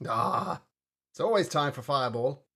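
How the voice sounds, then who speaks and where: A man with a mid-range voice runs a tabletop game as game master, speaking at normal speed. He's chatty and cheerful, bursting with excitement when the dice go well.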